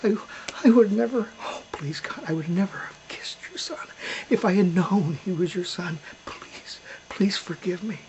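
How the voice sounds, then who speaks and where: A man's voice: high voice, lively intonation, normal speed, creaky, slight background noise, low-quality recording. A man voicing a humble, frightened old man who stammers, pleads and sinks into whispers. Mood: pleading.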